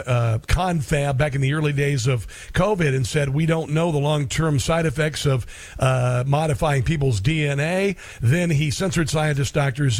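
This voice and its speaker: A man's voice: a little high, dry recording. A middle-aged man hosting a talk radio show in a rambling, sarcastic, folksy monologue.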